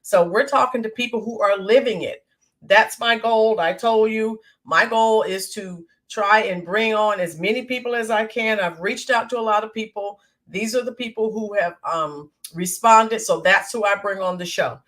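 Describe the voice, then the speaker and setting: An American woman hosting a casual livestream, greeting viewers by name with lots of filler ums, her voice a bit hoarse from yelling the day before. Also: mid-range voice, normal speed. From United States. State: voice slightly hoarse from screaming. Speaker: livestream host. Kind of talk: casual live-stream chat.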